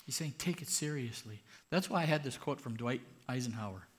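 A man's voice: medium pitch, animated, brisk. A man, a pastor, preaching a sermon in an earnest, conversational way.

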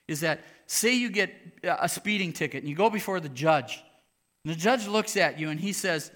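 A man preaching a sermon, moving between hushed, slow passages and loud, emphatic ones. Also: fairly high pitch, animated. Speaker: pastor.

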